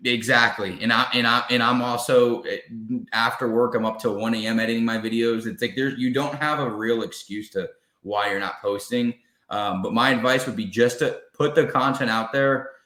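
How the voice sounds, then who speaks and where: A man's voice: mid-range voice, fairly even intonation, moderate pace, sharp tone. Earnest man in a roomy room. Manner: earnest, emphatic advice-giving. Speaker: car sales guest. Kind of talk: casual interview chat.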